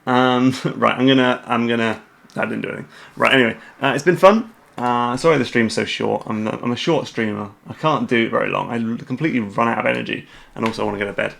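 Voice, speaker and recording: Gravelly British man chatting on a livestream. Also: medium pitch, steady tone, fast, fairly bright tone. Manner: rambling, self-deprecating, many fillers and restarts. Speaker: host. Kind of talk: casual livestream chat, reading out chat questions.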